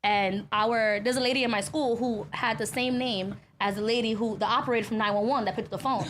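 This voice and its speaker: Woman podcast co-host, high and quick, loud profane storyteller, faint background hum. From Hispanic family in Florida. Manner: animated, profane, laughing storyteller. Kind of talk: casual chat, storytelling.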